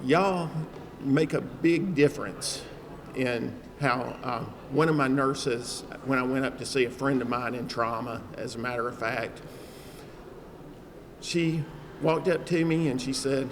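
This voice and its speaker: A man's voice: mid-range voice, a little slow, crowd noise. Man telling a story in a hall. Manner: humorous storytelling, chatty with fillers. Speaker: trauma survivor speaking at an event. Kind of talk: personal speech to an audience. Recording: long hall reverb, faint background noise.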